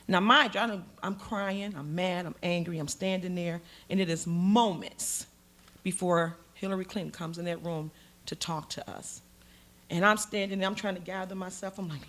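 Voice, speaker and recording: A middle-aged woman telling a story on stage, dramatic and animated, acting out the voices in it. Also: medium pitch, normal speed. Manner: animated, dramatic, acts out every voice. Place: stage in a museum hall.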